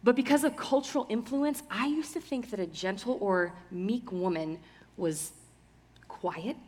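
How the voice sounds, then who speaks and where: Woman, calm measured teaching, sermon, hall reverb. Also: mid-range voice.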